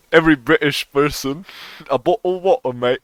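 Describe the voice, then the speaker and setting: A man's voice: on the high side, moderate pace, dry recording. A young man co-hosting a podcast in a casual chat, rambling, swearing and laughing often. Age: young adult. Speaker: podcast co-host.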